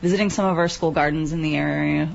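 A woman who coordinates a youth agriculture program talks about the farm program in a casual radio interview, enthusiastic and full of fillers. Her low, creaky voice is steady and quick, on a dull lo-fi recording with faint ambience and slight background noise.

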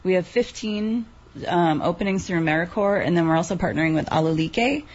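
A woman's voice: fairly low pitch, brisk, a little mellow, slightly rough. A woman, talking about a youth farm program in casual, enthusiastic chat with many fillers, on a lo-fi recording. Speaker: youth agriculture program coordinator. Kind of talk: casual radio talk interview. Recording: dull lo-fi sound with faint ambience.

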